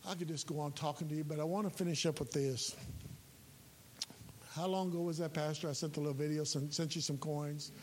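A chaplain preaching a sermon in a folksy, emphatic way, his voice rising to loud peaks. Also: on the high side, steady tone, fairly quick. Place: church sanctuary. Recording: reverberant hall with faint hiss.

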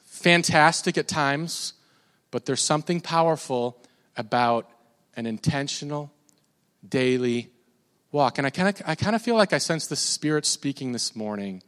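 Guy preaching in a church hall, kinda high voice, long echo, repeats words a lot. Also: a bit bright. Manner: conversational preaching, repeats words, shifts into prayer. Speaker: pastor. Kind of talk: sermon.

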